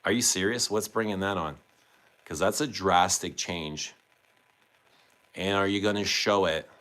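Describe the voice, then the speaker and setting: Low-voiced male streamer, relaxed and chatty, quizzing his viewers. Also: a little slow. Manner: chatty, asks viewers questions. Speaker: livestream host. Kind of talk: casual livestream chat reading comments.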